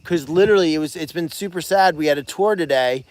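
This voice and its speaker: An excitable, chatty man hosts a casual livestream from an animal sanctuary barn. His voice sits a bit high for a man, and he thanks donors by name as he talks. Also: fast. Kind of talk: casual live-stream chat.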